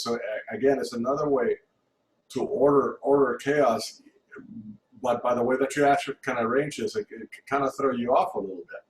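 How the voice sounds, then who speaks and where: Casual male music teacher, halting delivery, counts beats out loud; distant mic with room echo and faint hum. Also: medium pitch, fairly even intonation. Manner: halting, lots of restarts and counting aloud. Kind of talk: informal recorded lesson.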